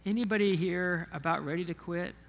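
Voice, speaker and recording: Pastor guy preaching, kinda high bright voice, lots of hall reverb, keeps asking the room stuff. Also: fairly quick, creaky. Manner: conversational preaching, repeats words, asks the congregation questions. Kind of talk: sermon. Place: church sanctuary.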